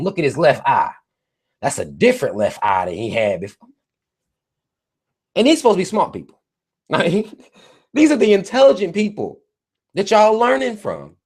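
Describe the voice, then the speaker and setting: A man ranting on a live stream, his pitch swinging up and down as he mocks and swears. He repeats points for emphasis and talks with a lively, exasperated bite. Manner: animated, profane, mocking, emphatic. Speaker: livestream host. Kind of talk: profane live-stream rant.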